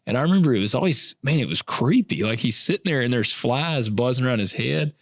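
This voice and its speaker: A man co-hosting a podcast, telling stories in a relaxed, rambling way with drawn-out fillers. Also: mid-range voice, no room sound, clean studio sound. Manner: laid-back, storytelling, drawn-out fillers. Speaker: podcast co-host. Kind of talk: casual chat.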